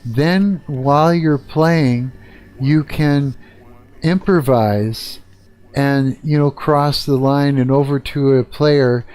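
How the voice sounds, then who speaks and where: A man's voice: medium pitch, slow, darkish tone, faint music behind. A middle-aged man from Canada, a guitarist hosting a live stream, talking bluntly and swearing a lot in a casual rant. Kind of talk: casual ranting chat.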